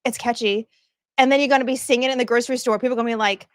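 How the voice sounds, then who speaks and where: A woman's voice: fairly high pitch, steady tone, rapid-fire, dry recording, clean studio sound. A woman hosting a casual livestream, bubbly and chatty, greeting viewers by name and laughing often. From northeastern United States. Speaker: livestream host.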